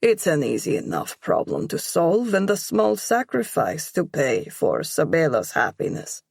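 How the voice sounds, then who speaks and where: A woman voicing a calm, commanding young crime lord who speaks in a low, dry, mocking way. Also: unhurried, vocal fry, dry recording, exaggerated voice.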